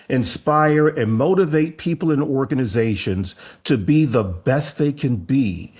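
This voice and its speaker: A man hosting a podcast, talking in a theatrical, playful way with booming call-outs. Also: darkish tone. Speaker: podcast host. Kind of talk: flamboyant podcast intro and interview.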